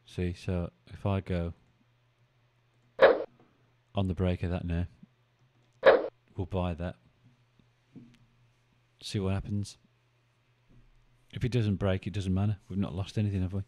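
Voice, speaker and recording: Low, mellow-voiced man chatting. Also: level tone, measured pace, pauses often, a little hiss or hum. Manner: chatty, thinking aloud, bantering with viewers. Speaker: live-stream trading host. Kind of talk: casual live-stream commentary.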